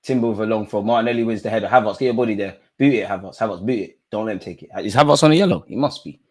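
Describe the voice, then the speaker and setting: A man reacting live to a football match, talking at players and the referee, swinging from low mutters to excited shouts. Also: rapid-fire. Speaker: football fan streamer.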